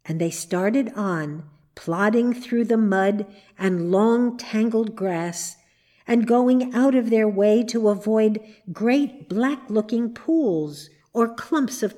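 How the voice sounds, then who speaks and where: A woman narrating a storybook in a measured, unhurried reading voice. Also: medium pitch, warm tone.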